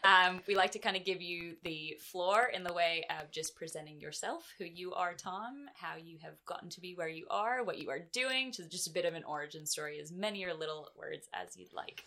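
A woman's voice: lowish voice, a little fast, few pauses, sharp tone. A woman co-hosting a podcast, asking questions in an upbeat, giggly way. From United States. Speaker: podcast co-host. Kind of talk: casual interview chat.

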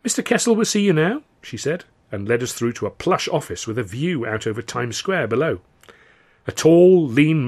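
A man reading his own novel aloud as audiobook narration, with a steady, wry storytelling manner. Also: medium pitch.

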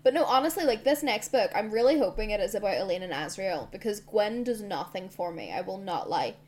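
Chatty woman podcast host, gets excited fast, swears a lot, middle pitch. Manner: excitable, swears freely, quick bursts of enthusiasm. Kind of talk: casual chat about books.

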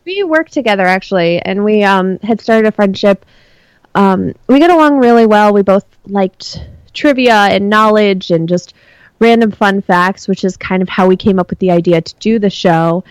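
A woman's voice: medium pitch, normal speed, clean tone, dry recording, low-quality recording. A woman in her thirties, a podcast guest chatting casually and acting out the voices in her stories. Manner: animated storyteller, acts out quoted voices. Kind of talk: casual conversation.

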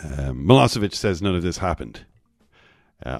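Irish man, very low voice, dry close sound, casual rambling football chat. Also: lively intonation, moderate pace, a little mellow, no echo. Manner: storytelling, quotes players in mock voices, many restarts. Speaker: podcast host.

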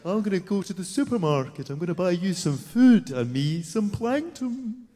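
A comedian putting on his posh Scottish mother, with an airy, hushed voice. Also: sits high, expressive, moderate pace. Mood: fussing. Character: posh Scottish mum, gliding, soft-spoken. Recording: reverberant live theatre.

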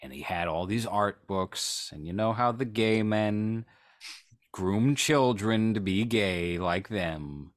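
A man's voice: on the low side, animated, takes it slowly. A man co-hosting a podcast, talking in a rambling, sarcastic, joking way. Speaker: podcast co-host. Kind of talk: casual chat.

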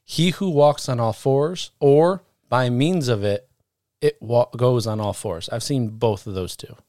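A man hosting a casual podcast, teasing his co-host in quick banter. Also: medium pitch, a little mellow, dry recording, studio quality. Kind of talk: casual chat.

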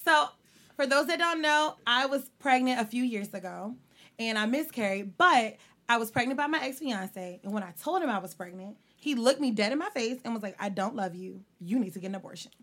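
A young adult woman co-hosting a podcast, telling personal stories in an animated, laughing way with free swearing. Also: fairly high pitch, moderate pace. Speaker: podcast co-host. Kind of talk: casual storytelling chat.

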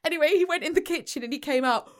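A woman's voice: sits high, rapid-fire. A woman co-hosting a podcast, telling an anecdote in casual chat and laughing through it. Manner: giggly storyteller, laughs through her anecdotes. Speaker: podcast co-host.

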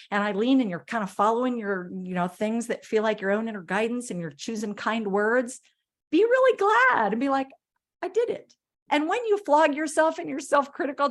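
A middle-aged woman, a self-love coach, giving an enthusiastic motivational talk to a group and acting out little quotes in a playful way. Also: on the high side.

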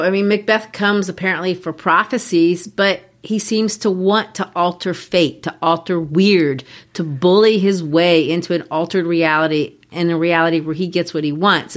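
Woman explaining a play with easy laughs. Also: on the low side. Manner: explanatory, laughs easily, taps out rhythms aloud. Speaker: podcast co-host. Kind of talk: casual literary discussion.

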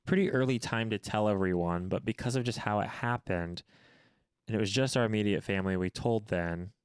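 A man's voice: lowish voice, fairly quick, clean tone, no echo. A young man co-hosting a podcast, telling a story in a laid-back way and chiming in with dramatic quotes. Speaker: podcast co-host. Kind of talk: casual storytelling.

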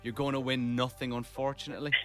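A man's voice: medium pitch, level tone, music in the background. An Irish man hosting a radio show, bantering playfully and teasing his co-host. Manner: playful, jokey, quick to tease.

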